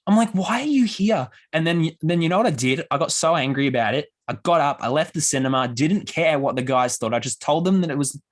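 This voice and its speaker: A young man on a casual podcast, telling stories with real animation. He slips into quoted voices as he goes, at a middling pitch and an easy talking pace. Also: quick pace, few pauses. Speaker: podcast host.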